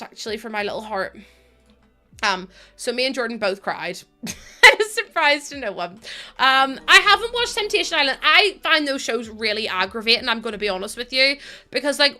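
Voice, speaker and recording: Young girl streaming, chatty, laughs a lot, bright voice, bit of music behind. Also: a little high. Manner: chatty, swears, laughs a lot, talks to chat. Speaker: Twitch streamer. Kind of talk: casual chat while gaming.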